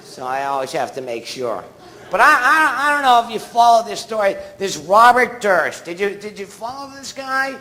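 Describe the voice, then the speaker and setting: A man's voice: high voice, sing-song, moderate pace, bright, forceful tone. A man doing a stand-up comedy set on a theatre stage, rambling through his stories and bantering with the audience. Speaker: stand-up comic.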